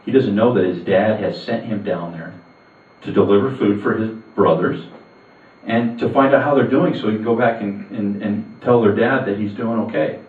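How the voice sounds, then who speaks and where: A man's voice: fairly low pitch, moderate pace. A man preaching a sermon, retelling a Bible story in a conversational storytelling way with asides to the listeners. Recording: echoey phone-like sound from far off.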